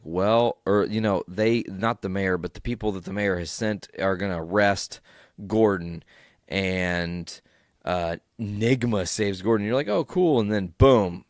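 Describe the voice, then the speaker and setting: A man's voice: low voice, dry recording, studio quality. A man hosting a solo podcast recap in a casual, rambling way, tired and yawning, swearing freely. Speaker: podcast host.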